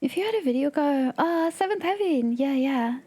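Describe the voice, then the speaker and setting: A woman streamer chatting casually to her live audience, excitable and laughing often. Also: sits high, moderate pace.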